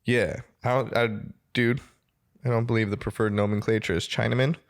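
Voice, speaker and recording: A man's voice: mid-range voice, steady tone, a little fast. Wry, joking male podcast host. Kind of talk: casual chat.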